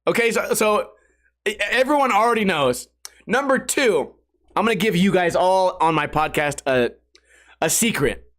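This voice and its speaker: A man hosting a solo podcast, telling rambling stories in a casual, animated way, laughing and swearing along. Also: high-pitched, normal speed. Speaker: podcast host.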